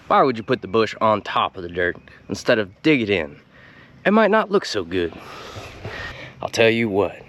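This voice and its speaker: A man hosting a comedic gardening tutorial outdoors in a folksy, drawling way, with deadpan innuendo. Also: fairly low pitch, slight background noise. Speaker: gardening show host.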